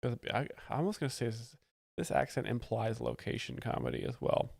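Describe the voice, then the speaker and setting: A man's voice: mid-range voice, huge pitch swings, a little fast, vocal fry, a little mellow, breathy edge, no echo. Dry, sarcastic male stream host. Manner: dry sarcastic mock-expert. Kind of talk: casual live-stream commentary.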